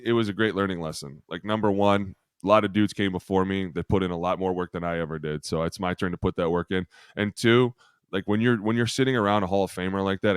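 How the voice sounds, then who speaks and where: A man's voice: sits low, clear, resonant tone, no room sound, studio quality. A man in his thirties on a podcast, telling blunt, profane stories from his playing days in a casual, rambling way. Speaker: podcast co-host, former pro lineman.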